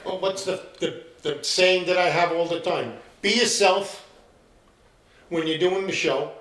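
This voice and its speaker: A man's voice: high-pitched, measured pace, fairly bright tone. A man talking casually on a podcast as a guest actor, upbeat and jokey. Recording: echoey room.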